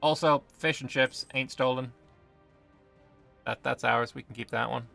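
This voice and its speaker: A man's voice: mid-range voice, fairly even intonation, a little slow, creaky, bright, forceful tone, soft background music. A British man streaming a strategy game, bantering with chat and swearing casually. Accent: British English. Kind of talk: gaming livestream commentary.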